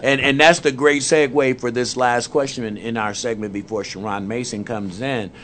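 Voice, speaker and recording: A man co-hosting a Christian talk show, talking in an animated, emphatic, colloquial way. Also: medium pitch, normal speed, a little hiss or hum. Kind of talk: conversational faith talk.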